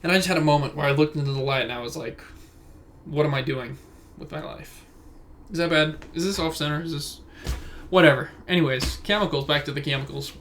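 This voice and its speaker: Young dude rambling on his podcast, kinda high voice, tangents everywhere, cussing, phone mic in his room. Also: fast, fairly bright tone, a little hiss or hum. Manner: rambling, goes off on tangents, swears casually. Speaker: podcast host. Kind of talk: casual solo podcast chat. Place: his room at home, indoors. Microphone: phone camera.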